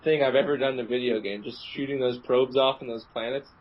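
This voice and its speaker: A man co-hosting a casual gaming podcast with a husky voice, wry and laughing along. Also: mid-range voice, fairly even intonation, quick pace, highs cut off.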